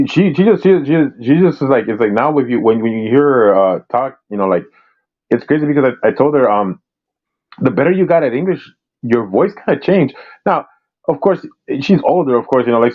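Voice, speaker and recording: A man in casual chat who talks haltingly, full of restarts and fillers. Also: mid-range voice, animated, narrow, tinny audio. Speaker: panel participant.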